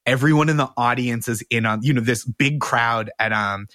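A comedian man chatting on a podcast, spinning lively anecdotes and slipping into voices for the people he quotes. The recording is dry and close, with no room sound. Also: medium pitch, normal speed, no echo. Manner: animated storyteller who acts out quotes with laughs. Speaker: comedian guest. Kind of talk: casual podcast chat.

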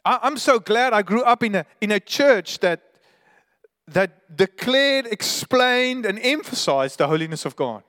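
A man's voice: sits high, animated, unhurried, a bit bright, long reverb tail. A man preaching a sermon as pastor, earnest and emphatic, sometimes restarting his words.

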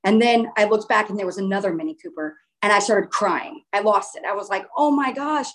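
A woman's voice: medium pitch, fairly quick, low-quality recording. A woman telling a personal story in an earnest, rambling way, often restarting her sentences.

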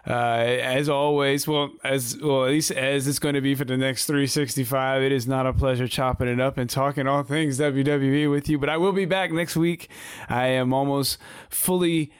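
A man with a smooth, clear voice co-hosts a casual wrestling podcast, grumbling and cracking jokes as they trade jabs. He sounds dry and close to the mic. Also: mid-range voice, steady tone, normal speed, no room sound. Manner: grumbling, joking banter. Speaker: podcast co-host.

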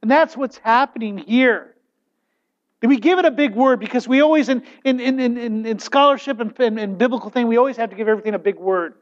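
A man preaching a sermon as pastor, animated and full of restarts. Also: very high voice, fairly quick. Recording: dull, lo-fi sound.

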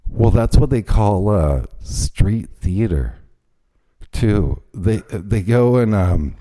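A man telling a heated, profane story on a podcast, often shouting out what he said to people. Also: lowish voice, lively intonation, slow pace. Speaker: podcast host. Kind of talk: casual chat, storytelling.

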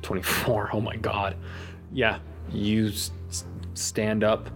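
A man narrating as a tabletop game master in an easygoing, unhurried way, with casual fillers. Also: on the low side, little pitch movement, a bit bright, faint music behind.

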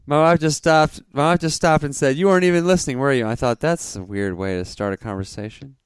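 A man's voice: on the high side, moderate pace, clean tone, no room sound. A man co-hosting a podcast in casual chat, reading out dad jokes and often breaking into giggles. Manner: giggly, breaks into laughter mid-joke. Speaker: podcast co-host.

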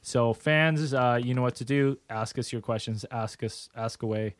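A man's voice: medium pitch, normal speed, no echo. A man hosting a casual podcast, rambling and swearing often as he talks with friends. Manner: rambling, swears a lot, laughs easily. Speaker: podcast host.

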